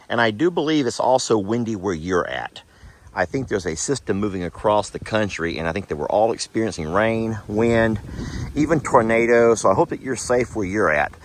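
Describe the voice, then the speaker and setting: A man with a Texan accent hosting a casual ranch vlog outdoors in a pasture, chatting in a folksy way straight to his viewers. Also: medium pitch. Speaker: ranch vlogger, host.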